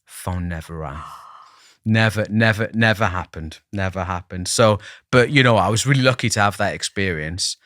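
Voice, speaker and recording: A man's voice: on the low side, normal speed, fairly bright tone, no room sound, studio quality. A man, a podcast guest telling stories in a chatty, self-deprecating way with many restarts. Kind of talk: casual interview storytelling.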